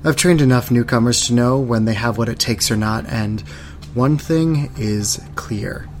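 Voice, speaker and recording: A man tells an audio drama in the first person at a slow, measured pace. His voice sits at an ordinary pitch, and a faint hiss runs beneath the recording. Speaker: voice actor. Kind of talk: audio drama narration and dialogue.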